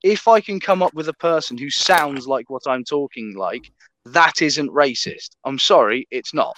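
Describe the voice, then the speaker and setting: A man's voice: mid-range voice, animated, normal speed, fairly bright tone. A man in casual podcast chat, talking emphatically and swearing freely.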